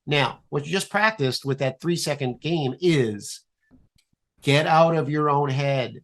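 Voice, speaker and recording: Animated man explaining an improv game. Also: a little high, measured pace. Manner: animated, playful, swears casually. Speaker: guest, improv teacher. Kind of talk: casual interview explaining.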